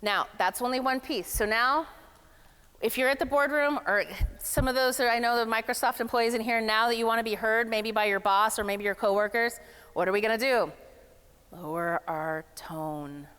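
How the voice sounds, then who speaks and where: A woman speaking with a raised, smooth and resonant voice in a large, echoing hall. She talks in a lively and playful way, casual and direct with the crowd. Long reverb trails after her words. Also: a little high, a little fast. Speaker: speaker at a summit. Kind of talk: energetic motivational workshop talk.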